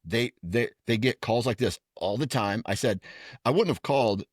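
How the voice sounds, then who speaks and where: A man's voice: mid-range voice, normal speed, dry recording, studio quality. A man co-hosting a podcast, telling stories in casual chat and slipping into silly voices. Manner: storytelling with put-on voices and laughter. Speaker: podcast co-host.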